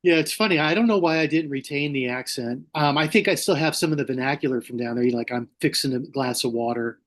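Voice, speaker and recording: A man talking as a guest on a podcast, speaking haltingly with frequent restarts, grew up in Mississippi. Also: fairly high pitch, a bit bright. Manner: halting, many restarts, laughs often. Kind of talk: casual podcast conversation.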